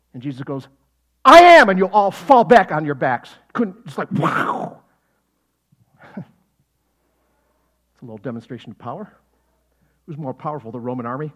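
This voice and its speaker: Animated high-voiced male preacher. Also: husky. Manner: animated, acts out quotes with sudden loud shouts; jokey, laughs often. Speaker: pastor. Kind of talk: sermon.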